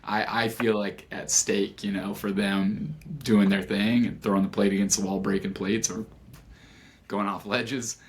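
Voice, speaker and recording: A man's voice: on the low side, level tone, unhurried. A man hosting a podcast interview, reflecting thoughtfully on his guest's story. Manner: reflective, searching for words. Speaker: podcast host. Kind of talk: casual interview talk.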